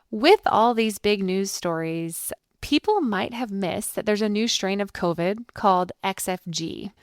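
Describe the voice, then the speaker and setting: A woman hosts the interview, posing prepared questions in a composed, summarizing manner. Her voice is smooth and resonant, mid-pitched, recorded dry and close. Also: no echo. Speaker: interview host.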